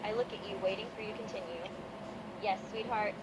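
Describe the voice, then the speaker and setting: A woman's voice: medium pitch, fairly even intonation, a little fast, heavy background noise, close to an everyday voice. Synthetic woman voicing a teasing wrestler chatbot. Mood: teasing affectionate. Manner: narrates her own actions, calls listener sweetheart. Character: sweet-talking female wrestler chatbot, playful teaser.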